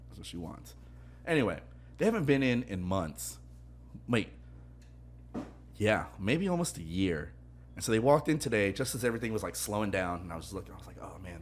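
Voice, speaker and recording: A young man co-hosting a casual podcast, rambling through a story from his restaurant shift, laughing often and dropping to a hush when he quotes people. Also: on the low side, a little hiss or hum. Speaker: podcast co-host.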